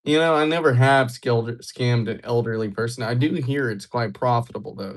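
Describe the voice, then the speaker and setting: A man's voice: mid-range voice, a little fast, few pauses. A young man from Georgia, chatting casually with viewers on a live stream. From Georgia, USA. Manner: chatty, laid-back, joking with viewers. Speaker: livestreamer.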